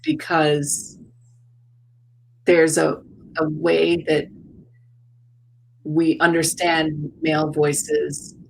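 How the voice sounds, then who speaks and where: A woman who is an artist and educator, talking as an interview guest in a reflective, searching way with many pauses and repeats. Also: deep voice, level tone, creaky, a little hiss or hum, rough recording. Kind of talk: casual interview talk. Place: South Florida.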